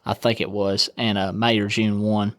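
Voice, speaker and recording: A man's voice: lowish voice, flat delivery, normal speed, no echo. Young male guest, easygoing storyteller who acts out the quotes, dry close mic. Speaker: guest angler telling a fishing story. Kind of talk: casual storytelling.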